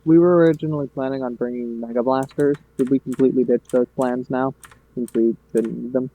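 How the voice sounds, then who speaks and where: A man's voice: mid-range voice, fairly even intonation, brisk, mellow. A man from Nebraska asking brief, matter-of-fact questions in an online meeting. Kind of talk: casual meeting talk. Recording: husky voice over a tinny call line.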